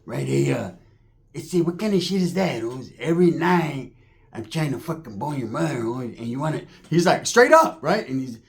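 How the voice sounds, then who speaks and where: A man with a Californian accent telling a rambling, profane street story full of slang and acted-out quotes. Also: mid-range voice.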